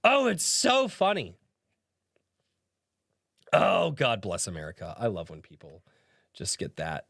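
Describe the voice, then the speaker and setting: A man's voice: medium pitch, huge pitch swings, measured pace, gravelly, long pauses, a bit bright, breathy edge, no echo, clean studio sound. A man streaming live, reading viewer comments aloud, laughing often and swearing freely in an amused, mocking way. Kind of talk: casual live-stream chat.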